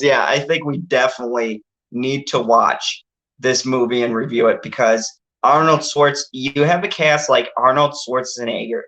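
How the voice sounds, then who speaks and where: A man's voice: mid-range voice, a bit bright, poor audio. A man hosting a casual movie review chat, rambling and laughing with plenty of filler words. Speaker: channel host.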